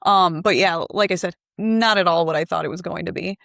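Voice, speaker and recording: A woman's voice: lowish voice, brisk, gravelly, a bit bright, no room sound. Chatty woman in dry podcast chat. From Michigan. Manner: chatty, playful, easily laughing. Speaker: podcast co-host. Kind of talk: casual chat.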